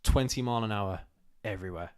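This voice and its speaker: A man chatting casually as co-host of a live stream, rambling with restarts and getting animated when he complains. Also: lowish voice, quick pace, smooth. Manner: rambling, animated when ranting, laughs easily.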